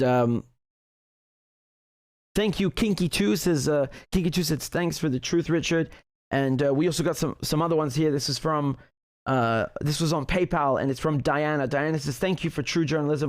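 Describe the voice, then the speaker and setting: Guy on a livestream reading super chats, kinda high voice, talks in bursts and restarts a lot. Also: no echo, studio quality. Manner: animated, frequent restarts and laughter. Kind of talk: casual livestream commentary.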